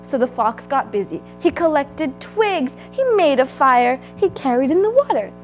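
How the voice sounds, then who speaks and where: A woman reading a children's picture book aloud, slow and expressive. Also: sits high, soft background music, poor audio. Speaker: storybook reader. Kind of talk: read-aloud storytelling.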